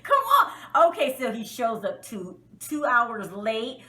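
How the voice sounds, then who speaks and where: A woman vlogger talks in a high, bright voice that swoops up and down as she reviews a show. She is outspoken and exasperated, breaking into frequent laughter, and her delivery is loose, conversational and full of energy. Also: lively intonation, slow pace. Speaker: reality TV reviewer, vlog host. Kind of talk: casual spoken show review.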